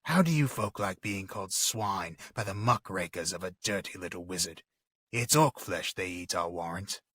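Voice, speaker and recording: A man's voice: low-pitched, expressive, normal speed, fairly bright tone, breathy edge, no echo, exaggerated voice. A man voicing a sly, scheming male orc messenger in a dramatic reading, sneering and insinuating.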